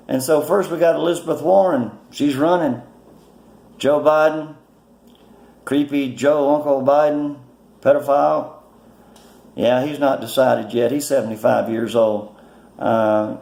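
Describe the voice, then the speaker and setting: A man's voice: medium pitch, vocal fry, dark tone, echoey room. A man giving blunt, mocking political commentary in a casual, rambling way, full of fillers, recorded on a phone. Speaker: political vlogger.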